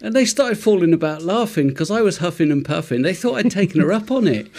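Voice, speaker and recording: A man's voice: sits high, animated, fast talker, darkish tone. Man telling a self-mocking story. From Wales. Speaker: podcast co-host. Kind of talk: casual storytelling chat.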